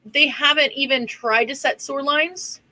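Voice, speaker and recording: High-voiced woman reading true-crime notes. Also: normal speed, pushed and bright, no echo, low-quality recording. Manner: reads facts from notes, dry asides. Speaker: podcast co-host presenting research. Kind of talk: casual true-crime podcast chat.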